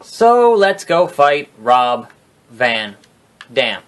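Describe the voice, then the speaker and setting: Young man, slightly high voice, casual let's-play commentary, rambling, sarcastic, swearing. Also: big pitch swings, very slow. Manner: rambling, sarcastic, swears and trash-talks game characters. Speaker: gaming video host.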